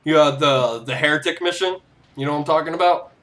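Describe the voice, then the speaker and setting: A man giving casual, excitable commentary over a game, swearing freely and breaking into laughs and shouts. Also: fast. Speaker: gameplay commentator. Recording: noisy low-quality game capture audio.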